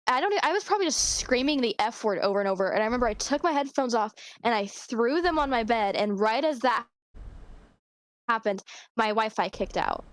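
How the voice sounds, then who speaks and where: Woman, casual podcast chat, chatty, fairly high voice, dry close recording. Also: expressive, brisk, no room sound. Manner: chatty, laughs easily. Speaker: streamer and podcast guest.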